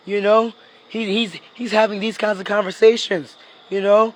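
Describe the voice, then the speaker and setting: Animated high-voiced man preaching. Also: moderate pace. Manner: animated, acts out dialogue with fillers like "you know". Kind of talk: casual sermon with acted-out skits.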